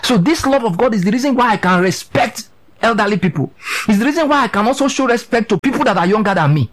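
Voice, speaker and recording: A man's voice: sits high, expressive, quick pace, fairly bright tone, low-quality recording. A man preaching a sermon, emphatic and repetitive, often asking listeners if they understand.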